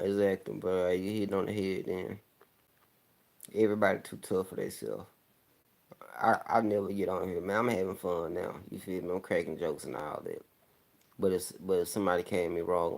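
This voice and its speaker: A man's voice: sits low, fairly even intonation, fairly quick, vocal fry, a little mellow. A young man from the American South with a country accent, chatting casually in a loose, rambling way, slurring words a little and laughing often. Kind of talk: casual chat.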